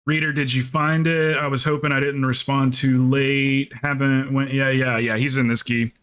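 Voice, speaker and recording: A man's voice: medium pitch, flat delivery, moderate pace, fairly bright tone, clean tone. Joking, rambling male streamer. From South Carolina, USA. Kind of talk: casual chat while gaming.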